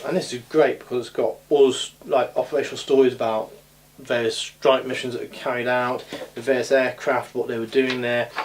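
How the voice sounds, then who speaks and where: A man chatting casually in a hobby vlog from his home hobby room, rambling with frequent ums and uhs, recorded on a camera mic. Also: mid-range voice. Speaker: scale model hobby vlogger. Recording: audible background noise.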